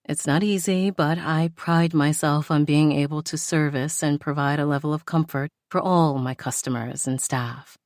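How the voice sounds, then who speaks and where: A woman's voice: low-pitched, fairly even intonation, normal speed, hardly any pauses, darkish tone, no echo, clean studio sound, natural voice. A woman voicing a polite, flustered store owner speaking to a customer.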